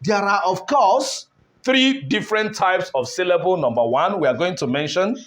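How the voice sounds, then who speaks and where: A man teaching an English lesson at a board, speaking deliberately, repeating key words and asking rhetorical questions. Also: sits high, expressive, a bit bright.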